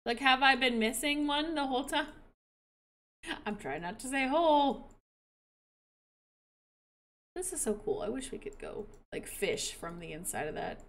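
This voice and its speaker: A woman's voice: sits high, lively intonation, a little slow, long pauses, a bit bright. A woman giving casual let's-play commentary, chatty and playful, joking at her own expense while she talks to her viewers. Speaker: game streamer.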